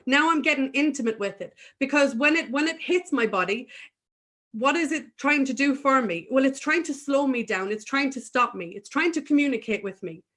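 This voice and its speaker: A woman with a somewhat high voice talks as a guest in a spiritual conversation. She is earnest and emphatic, and frank about her own struggles. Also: lively intonation, normal speed, fairly bright tone.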